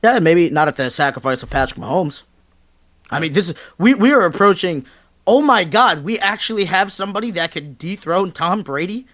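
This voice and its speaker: Man, sports podcast co-host, heated emphatic rant, swears, near-shouting bursts. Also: high-pitched, expressive, brisk.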